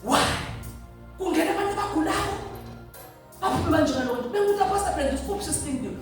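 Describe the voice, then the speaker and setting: A woman's voice: high voice, animated, quick pace, faint music behind. A woman pastor preaching a sermon, pressing her listeners with emphatic repeated questions. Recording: echoey hall from far off.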